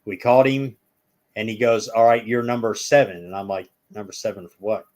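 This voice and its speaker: A man's voice: lowish voice, fairly even intonation, a little fast, darkish tone. A man telling long stories as a guest in a casual chat, rambling and acting out the people in them.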